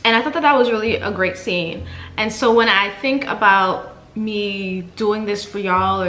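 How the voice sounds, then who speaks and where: A woman hosting a podcast, reading soft repeated affirmations and then chatting casually and excitably. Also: medium pitch, roomy sound. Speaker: podcast host. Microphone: desk mic with camera.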